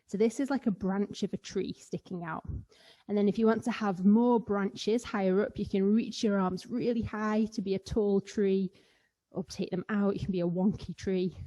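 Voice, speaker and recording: Here a woman teaching kids yoga guides children through a playful routine, at times making animal noises. Her voice sits at medium pitch and sounds mellow.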